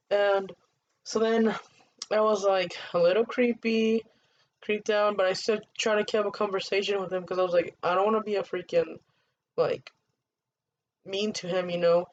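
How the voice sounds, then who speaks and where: A woman's voice: mid-range voice, fairly even intonation, moderate pace, a little mellow. A young woman vlogger telling a casual storytime, rambling and replaying dialogue with "I'm like" and "he's like". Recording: dull lo-fi audio with faint hiss.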